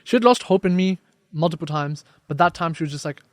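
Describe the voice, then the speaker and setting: A young man chats on a podcast in a fairly high voice, recorded close and dry. He tells his story with animated energy, acting out what others said along the way. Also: fast, no echo. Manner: animated storyteller, acts out quoted dialogue. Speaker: podcast guest, life coach. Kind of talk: casual podcast conversation.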